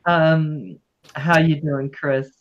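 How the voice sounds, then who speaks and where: A woman's voice: low voice, steady tone, very slow. Chatty woman hosting a lo-fi livestream. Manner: chatty, affectionate greetings to viewers. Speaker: livestream host. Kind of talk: casual livestream chat.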